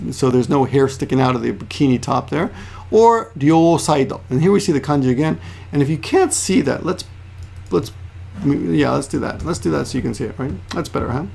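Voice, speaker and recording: Male language tutor with a raised, gravelly voice, casual walkthrough, repeats and corrects himself. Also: fairly high pitch, a little mellow. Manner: explains word by word, repeats words, self-corrects. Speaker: Japanese language teacher. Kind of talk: casual screen-share lesson.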